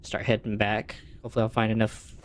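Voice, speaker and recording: Young male gamer, fairly low voice, loose rambling stream banter answering chat. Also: completely flat delivery, fast talker, a little hiss or hum. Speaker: gaming streamer. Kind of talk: casual live-stream chat while playing.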